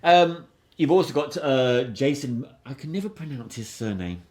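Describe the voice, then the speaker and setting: A man's voice: mid-range voice, expressive, moderate pace, a little mellow, slight background noise. A man hosting a film review podcast, rambling and enthusiastic in casual chat, with frequent restarts. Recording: roomy echo.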